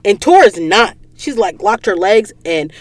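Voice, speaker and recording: A woman's voice: medium pitch, measured pace, no room sound. A sniffly woman recaps a book for her podcast, acting out the characters' lines as she goes. Her voice sits in the middle range. The sound is dry and close, with no room around it. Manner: animated storyteller, acts out quoted lines. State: sniffly from allergies. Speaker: podcast host. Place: recording booth.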